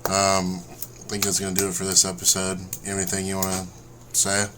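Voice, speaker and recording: A man's voice: low-pitched, monotone, a little fast, background noise. A young man co-hosting a casual late-night podcast, giving short reactions and closing the episode in an easygoing way. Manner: laid-back, brief reactions, casual sign-off. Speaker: podcast co-host.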